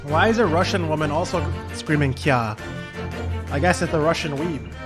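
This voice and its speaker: A male streamer casually commenting on a game and reading its dialogue aloud, swearing and joking in quick asides. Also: fairly high pitch. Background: loud game music.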